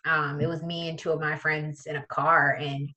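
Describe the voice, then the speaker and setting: Poor audio carries the deep voice of a young woman from the Prince George's County, Maryland area, a guest sharing a personal story. Her tone is pushed and bright, her pitch barely moves, and she keeps a moderate pace. She talks casually, with many fillers and quoted voices.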